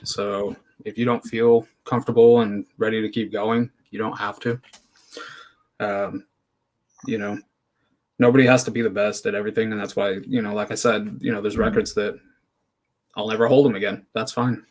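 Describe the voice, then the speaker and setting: A man's voice: lowish voice, level tone, normal speed. A man as an interview guest, easygoing and hesitant, with many ums and you-knows. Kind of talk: casual interview chat.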